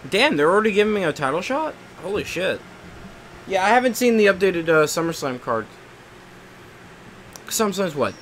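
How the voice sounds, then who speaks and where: A man's voice: high voice, big pitch swings, normal speed, long pauses, fairly bright tone, a little hiss or hum. A young man chatting casually while he live streams a game, rambling and swearing at the game now and then. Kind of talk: casual chat while gaming.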